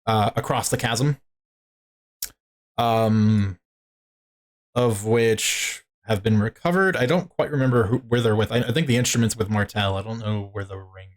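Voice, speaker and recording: A man's voice: lowish voice, unhurried. A man running a tabletop game as game master, rambling with many filler words.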